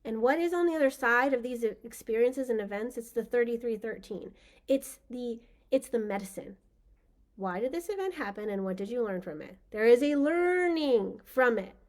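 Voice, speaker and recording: A woman's voice: fairly high pitch, animated, normal speed. A woman hosting a spiritual workshop, talking in a casual, enthusiastic, rambling way with lots of fillers. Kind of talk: casual teaching talk.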